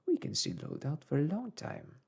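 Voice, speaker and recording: A man voicing a calm, deferential young Belgian servant in a soft whispered role-play. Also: mid-range voice, a little slow, gravelly, slightly rough, heavily acted.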